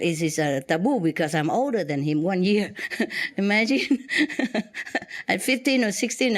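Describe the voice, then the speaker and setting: Woman, halting. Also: lowish voice. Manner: halting, frequent restarts and fillers. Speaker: spiritual teacher. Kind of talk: personal storytelling to students.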